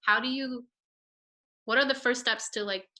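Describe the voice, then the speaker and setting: A woman's voice: a little high, fairly even intonation, normal speed, pushed and bright. A woman interviewer asking a writer questions in a chatty, informal way.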